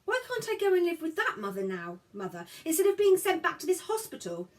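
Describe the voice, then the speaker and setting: A woman's voice: very high voice, huge pitch swings, fairly quick, voice pushed up, heavily acted. Woman reader as small, stubborn, questioning girl; childlike and pleading. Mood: pleading, curious. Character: inquisitive, stubborn little girl.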